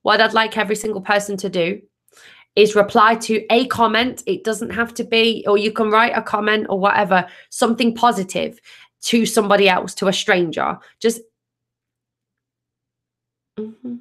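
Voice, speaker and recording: Woman hosting a relaxed live stream as a tarot reader: upbeat and chatty, reads comments aloud. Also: mid-range voice, moderate pace. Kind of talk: casual live stream chat.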